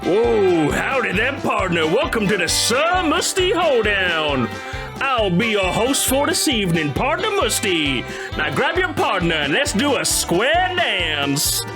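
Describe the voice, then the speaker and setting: A man voicing a jolly cowboy square-dance host, drawling slowly and hamming it up. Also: sits high, big pitch swings, over music, voice pushed up, heavily acted. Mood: hammy. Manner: drawling, slow and hammy.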